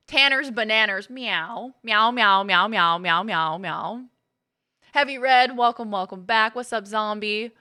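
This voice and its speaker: Woman streamer, chatty and playful, bright forward voice, slightly higher pitch, greets chat by name. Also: clear, resonant tone. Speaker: gaming streamer. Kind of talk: casual live-stream chat.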